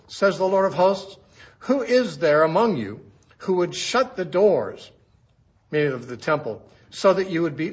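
Guy doing a bible teaching, kinda husky voice, slightly high, dull lo-fi recording. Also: fairly bright tone. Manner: conversational, with rhetorical questions.

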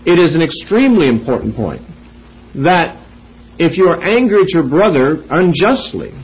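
Husky-voiced man teaching scripture, lo-fi. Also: on the high side, very animated. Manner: measured, reasoning aloud with quoted scripture. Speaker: Bible teacher. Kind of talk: expository Bible teaching. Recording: dull lo-fi recording.

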